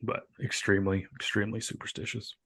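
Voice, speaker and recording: Profane, bright-voiced young man telling stories. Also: on the low side, fast talker, gravelly, slightly rough, dry recording. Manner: profane, animated storyteller. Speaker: podcast co-host. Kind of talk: casual chat.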